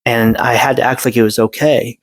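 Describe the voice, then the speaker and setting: Halting, earnest man in his forties. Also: medium pitch, level tone, no room sound, low-quality recording. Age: 40s. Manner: halting, with many fillers and restarts. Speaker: vlogger sharing personal story. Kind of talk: earnest personal monologue.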